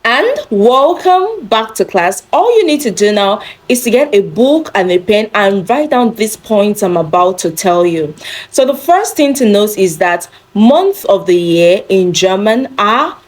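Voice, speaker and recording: Woman teacher for a beginner lesson, speaks slowly and repeats every word. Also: mid-range voice, big pitch swings. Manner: slow, repeats each word several times for practice. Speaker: German teacher.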